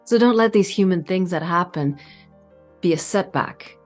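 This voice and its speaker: Calm, lower-voiced woman speaking earnestly. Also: soft background music. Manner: calm, earnest, with pauses and stretched words. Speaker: spiritual channel host. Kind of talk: reflective spiritual talk to camera.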